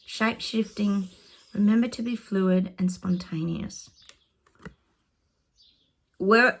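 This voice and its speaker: A woman talking casually to viewers as a psychic vlogger. She chats excitably while pulling oracle cards and often calls her audience "guys". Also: low voice, husky. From Australia. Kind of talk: casual oracle card reading to camera.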